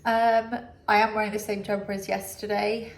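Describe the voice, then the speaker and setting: A woman's voice: medium pitch, flat delivery, normal speed. Congested young woman chatting to camera. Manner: chatty, rambling, with many fillers. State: congested, blocked nose. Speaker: vlogger. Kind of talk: casual recovery vlog.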